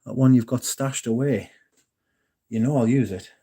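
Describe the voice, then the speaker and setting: English bloke chatting on his stream, mellow low voice, rambles, restarts a lot, swears casually. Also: moderate pace, husky. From England. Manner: rambling, self-correcting, jokey and profane. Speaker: livestream host. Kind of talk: casual livestream chat, reading out chat comments.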